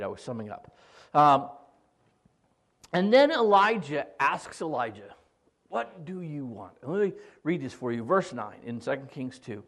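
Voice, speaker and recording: A male pastor preaching a sermon, retelling scripture in an animated, joking way. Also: on the high side.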